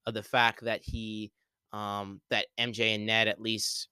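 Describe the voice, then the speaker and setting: A man's voice: fairly low pitch, flat delivery, a little slow, pushed and bright, smooth, no echo. A young man hosting a podcast alone, rambling through a casual spoiler talk with many fillers and restarts. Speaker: podcast host.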